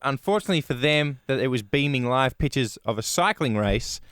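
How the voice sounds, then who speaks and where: An Australian man co-hosting a comedy radio show, telling news stories in a relaxed, teasing way. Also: mid-range voice, fairly quick, clear, resonant tone, no room sound. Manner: laid-back, chatty, teasing. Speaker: co-host. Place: radio studio.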